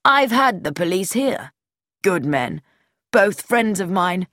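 A woman's voice: medium pitch, sing-song, slow, a bit bright, no room sound, studio quality, heavily acted. A woman doing a cold, menacing commander. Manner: cold, mocking, falsely genial. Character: cold menacing middle-aged male commander. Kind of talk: audiobook reading.

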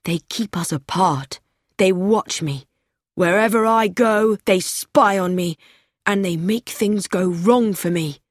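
A woman's voice: mid-range voice, takes it slowly, dry recording, studio quality. A woman reading an audiobook, voicing an anxious, self-important young man who speaks earnestly and fearfully about being watched. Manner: earnest, confiding, growing fearful.

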